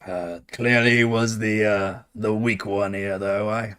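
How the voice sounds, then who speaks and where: A man voicing a sly, smug male gambler who speaks in a quiet, wry, insinuating way. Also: on the low side, fairly even intonation, takes it slowly.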